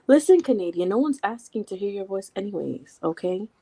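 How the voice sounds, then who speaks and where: A woman's voice: medium pitch, animated, fairly quick, a loud crowd. Teasing woman chatting on a livestream. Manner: teasing, playful, drops to near whisper at times. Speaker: livestream co-host. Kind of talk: casual chat with viewers.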